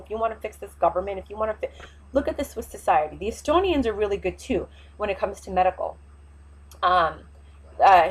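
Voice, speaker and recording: Husky-voiced woman ranting on a vlog. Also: fairly high pitch, poor audio. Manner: emphatic, rambling, fiery opinions. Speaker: vlogger. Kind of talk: impassioned casual monologue.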